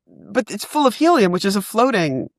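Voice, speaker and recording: A woman co-hosting a comedy podcast, telling a story in animated, casual chat and laughing often. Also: medium pitch, moderate pace, dry recording, clean studio sound. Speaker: podcast co-host.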